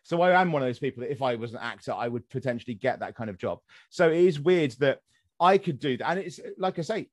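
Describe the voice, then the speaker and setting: A man's voice: a little high, darkish tone, no room sound, studio quality. English man with received pronunciation. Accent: West Sussex English, received pronunciation. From England. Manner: opinionated, swears freely, many restarts. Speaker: podcast host. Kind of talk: casual podcast chat.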